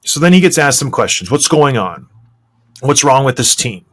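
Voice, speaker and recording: Opinionated male sports podcast host, former player, lively swinging delivery. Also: mid-range voice, normal speed. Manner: emphatic, mocking impressions of coaches.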